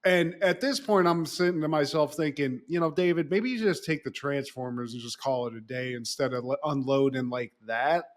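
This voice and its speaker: Animated, foul-mouthed podcast man. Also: fairly high pitch, moderate pace, few pauses. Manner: animated, swears freely, acts out characters' lines. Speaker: podcast co-host. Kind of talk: casual recap chat.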